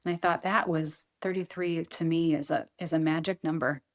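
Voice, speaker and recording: A woman's voice: deep voice, steady tone, moderate pace. A middle-aged woman speaking earnestly as an interview guest, often repeating herself and quoting her own thoughts. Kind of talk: emotional interview conversation.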